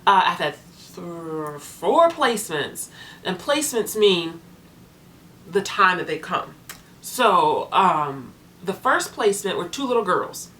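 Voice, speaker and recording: A young woman talking casually to her viewers as a foster parent vlogger, chatty and animated, acting out the people in her stories. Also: on the low side, takes it slowly, slight background noise. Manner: chatty, animated storytelling with voiced quotes. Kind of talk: casual vlog chat to viewers.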